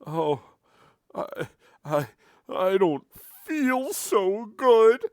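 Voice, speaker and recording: A man voicing a frightened male merchant in a tabletop game, speaking in a high, quavering voice. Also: very animated, extremely slow, a little mellow, no echo, studio quality, exaggerated voice.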